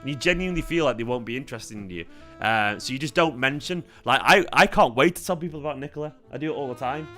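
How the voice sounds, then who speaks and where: A laid-back young man chats on a livestream, rambling along with plenty of fillers. His voice sounds tired, yet it keeps a bright, forward edge, and soft guitar music plays faintly behind him. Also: mid-range voice, quick pace, few pauses. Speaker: fan channel host. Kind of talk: casual livestream chat.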